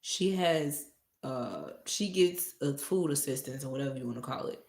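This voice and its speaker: A woman's voice: a bass voice, moderate pace. A woman telling a story casually, cursing freely and acting out a heated argument. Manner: profane, animated retelling that acts out heated arguments. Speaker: storytime vlogger. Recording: roomy echo.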